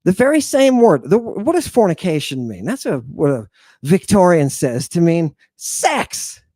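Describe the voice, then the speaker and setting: A man teaching an online lesson in an excitable, emphatic way, repeating phrases and swinging between loud outbursts and hushed asides. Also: on the high side, measured pace, no echo, studio quality. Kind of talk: animated online lecture.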